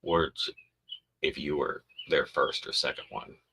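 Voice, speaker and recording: In a casual, rambling podcast monologue, a male host with a bass voice jokes crudely and often acts out silly baby and parent voices. He keeps a steady tone and measured pace, with vocal fry and a pushed, bright sound over a little hiss or hum.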